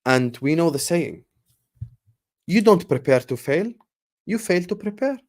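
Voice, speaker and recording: A man hosting a casual football fan livestream, ranting passionately and giving shout-outs to viewers, often repeating and restarting words as he gets worked up. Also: on the high side, expressive, unhurried. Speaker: football fan channel host.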